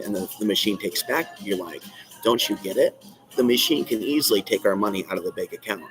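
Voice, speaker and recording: A man's voice: fairly low pitch, low-quality recording. A man hosting a live stream, ranting in an agitated, rambling, repetitive way from a coffee shop. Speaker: channel host.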